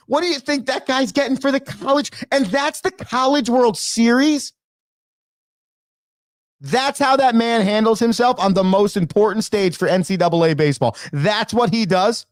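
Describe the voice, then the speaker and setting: Host-coach, high and lively, emphatic rant, dry close mic. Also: male voice, dry recording. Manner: emphatic, exasperated, ranting. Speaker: baseball coach and show host. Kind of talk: casual sports commentary rant.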